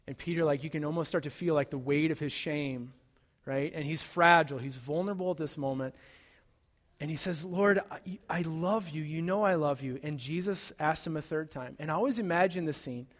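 A man's voice: fairly high pitch, brisk. A man preaching a sermon, retelling a story in a conversational way and often checking in with "right?". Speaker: pastor. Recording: long hall reverb.

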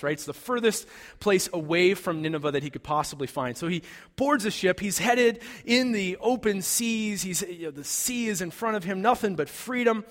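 A man's voice: sits high, a bit bright, long reverb tail. A man preaching a sermon, telling a story in a conversational way and acting out the quoted lines. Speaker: pastor.

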